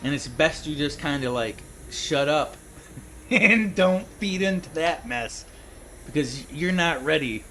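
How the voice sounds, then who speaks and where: A man's voice: a little high, lively intonation, slow, bright, forceful tone, a little hiss or hum, poor audio. Rambling, laughing man telling stories. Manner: rambling, laughs a lot, says dude and man. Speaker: gaming streamer. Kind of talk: casual storytelling while gaming.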